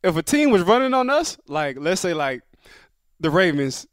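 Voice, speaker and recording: A man telling a lively football story in casual chat, acting out quotes with big jumps up and down in his voice. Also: normal speed, no room sound, clean studio sound. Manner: animated storyteller who acts out quotes, jumping high and dropping low. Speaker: co-host, former football player.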